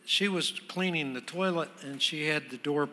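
A man preaching as a guest pastor, telling a story in a conversational way that builds into loud, emphatic preaching. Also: on the high side, normal speed, long reverb tail. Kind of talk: sermon storytelling.

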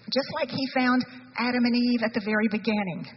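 Woman pastor, frank and earnest, a bit high-voiced; muffled lo-fi recording with faint hiss. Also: steady tone, brisk. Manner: earnest, frank, reads scripture aloud. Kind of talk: sermon. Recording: dull lo-fi sound with long reverb.

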